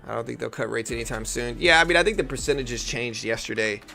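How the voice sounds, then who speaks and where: A man's voice: mid-range voice, quick pace, creaky, faint music behind. A man from near New Orleans with a faint Louisiana accent, chatting casually on a live day-trading stream and answering chat. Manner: relaxed, thinking aloud, answering chat. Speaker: day-trading livestream host.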